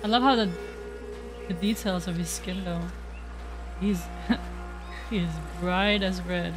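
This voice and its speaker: A woman streamer giving casual, excitable reaction commentary on a game, swearing and laughing often. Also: lowish voice, slow pace. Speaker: gaming streamer. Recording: background music under voice. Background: background music.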